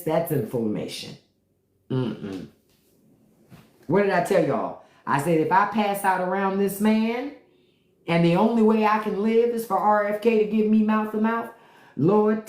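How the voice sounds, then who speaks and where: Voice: medium pitch, a little mellow, reverberant. A livestream host chatting casually with viewers, telling stories in a loose, profane way, often laughing and humming disapproval. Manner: loose, profane storytelling with frequent laughter and hums.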